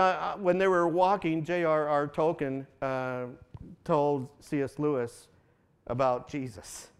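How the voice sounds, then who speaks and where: Smooth-voiced man preaching conversationally. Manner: conversational, asks the audience questions, acts out quotes with rising pitch. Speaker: pastor. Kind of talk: sermon.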